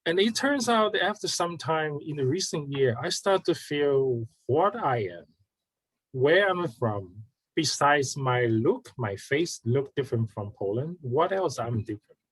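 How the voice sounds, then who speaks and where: Taiwanese-accented man, halting speech. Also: a little high, expressive, a bit bright, husky, no echo, poor audio. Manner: halting, frequent restarts. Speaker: guest. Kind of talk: casual conversation.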